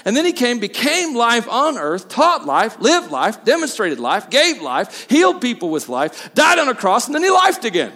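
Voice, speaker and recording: Animated male preacher in a reverberant hall. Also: very high-pitched, moderate pace, few pauses. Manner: lively, swinging from quiet asides to loud emphatic peaks. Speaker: pastor. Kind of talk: sermon.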